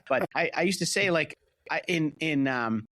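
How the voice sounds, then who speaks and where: A man's voice: fairly high pitch, animated, normal speed, a bit bright, dry recording. An older man from Rhode Island with a mixed Rhode Island–Massachusetts accent, a fire captain telling stories as an interview guest, rambling with many restarts. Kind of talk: casual interview storytelling.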